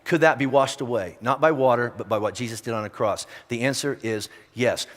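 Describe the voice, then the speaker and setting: A man's voice: mid-range voice, fairly quick, fairly bright tone. A man preaching a sermon to his congregation in a direct, conversational way, firing off rhetorical questions. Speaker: pastor. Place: large church auditorium. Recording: long reverb of a large church hall.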